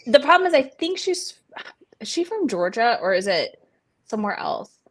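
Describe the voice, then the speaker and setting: A woman's voice: fairly high pitch, sing-song, normal speed, a bit bright, slight background noise. A young woman from the American South in a casual group chat, chatty and hedging with many fillers.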